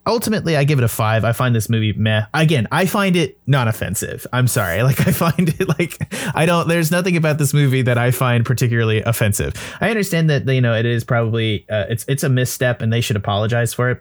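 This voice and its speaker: A man's voice: mid-range voice, expressive, fast talker, hardly any pauses. A young man hosting a podcast, reviewing a film in casual, rambling talk with lots of swearing and laughter. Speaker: podcast host.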